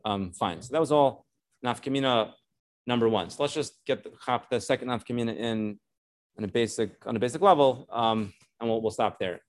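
A man teaching a live Torah class on Jewish law, explaining cases in yeshiva-style English full of Hebrew terms and stressing key points. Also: medium pitch. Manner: explanatory, lively emphasis on key points, frequent restarts.

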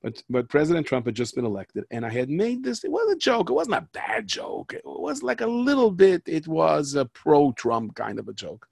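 A man's voice: a little high, wildly swooping pitch, moderate pace, vocal fry, few pauses, a little mellow, breathy edge, no echo, clean studio sound. A man telling stories and parables in a rambling, conversational way that often breaks off and restarts. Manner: rambling, conversational, self-interrupting. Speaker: speaker, storyteller. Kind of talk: storytelling talk with jokes and parables.

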